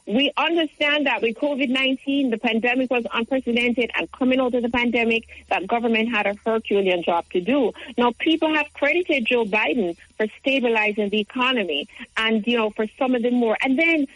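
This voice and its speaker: A woman speaking as a guest on a talk show, explaining politics in an articulate, measured way. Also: a little high, a bit bright, no echo, rough recording. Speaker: guest commentator. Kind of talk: political discussion.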